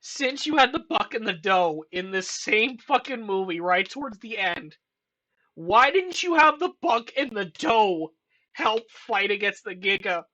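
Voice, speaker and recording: A woman hosting casual film commentary, excitable and profane, with emotional outbursts. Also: medium pitch, unhurried, rough recording. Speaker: channel host reviewing films.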